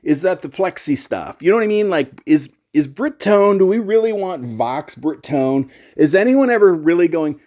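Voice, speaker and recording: A man's voice: a little high, lively intonation, moderate pace, few pauses, a little mellow. A middle-aged man hosting a casual gear vlog, talking in a chatty, rambling, self-deprecating way. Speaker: YouTuber and pedal demo host.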